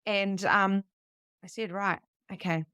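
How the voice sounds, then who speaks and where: A New woman in her thirties telling a personal story to a live group, animated and casual, swearing freely. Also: mid-range voice, slow pace, clean tone, no room sound, studio quality. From New Zealand. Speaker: psychic medium teaching beginners.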